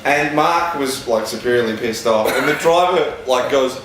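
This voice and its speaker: A man's voice: medium pitch, moderate pace, a bit bright. A man with a mid-range voice recounts a tour mishap in a loose, rambling way. The room around him is strongly echoey, and a faint hiss sits under his voice. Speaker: band member. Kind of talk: casual storytelling interview.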